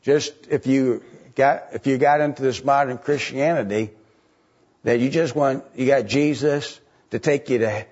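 An older man preaching a sermon, building to high, emphatic passages on scripture. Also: steady tone, unhurried, darkish tone, highs cut off.

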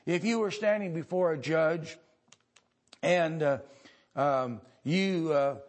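Slow, halting male preacher with a high voice. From United States. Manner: halting delivery with many pauses and fillers; builds to louder emphatic passages. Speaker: pastor. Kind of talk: sermon.

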